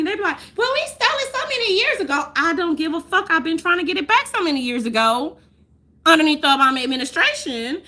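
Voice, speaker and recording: A woman vlogging in a casual, rambling rant, swearing often, laughing, and swinging between loud outbursts and mutters. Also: sits high. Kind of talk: casual chat.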